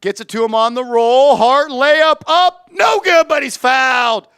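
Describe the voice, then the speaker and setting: A man streaming live fan play-by-play commentary, getting excitable and shouting on big plays while reading the chat aloud. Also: extremely high pitch, unhurried, hardly any pauses, clean tone, no room sound, clean studio sound.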